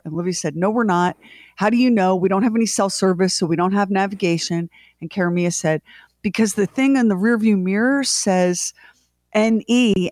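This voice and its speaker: A middle-aged woman co-hosting a morning radio show, telling a family story in a lively way and acting out everyone's lines. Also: medium pitch, no room sound, studio quality.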